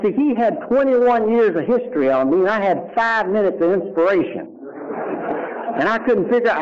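A middle-aged man with a Kentucky accent, an animated storyteller giving his personal testimony at a recovery meeting who drops to hushed tones for serious moments. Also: high-pitched, normal speed. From Louisville, Kentucky. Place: meeting room before a live audience. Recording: lo-fi early 1990s tape recording.

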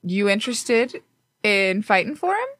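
A woman's voice: medium pitch, big pitch swings, a little slow, fairly bright tone, dry recording. A woman playing in a tabletop game, playful and teasing as she talks in character. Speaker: player. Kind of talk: casual tabletop play.

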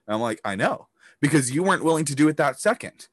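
A man's voice: a little high, expressive, quick pace, husky, no room sound, clean studio sound. A man hosting a motivational business podcast, talking emphatically, swearing casually and acting out hyped-up voices. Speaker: podcast host and business coach.

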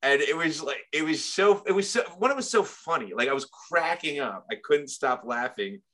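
Man, casual storyteller; bright, forceful voice, rambling and profane. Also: a little high, lively intonation, normal speed.

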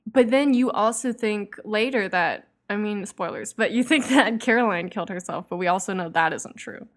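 A woman's voice: mid-range voice, normal speed. A woman co-hosting a casual chat about a film, thoughtful and hesitant, often giggling. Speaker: podcast co-host.

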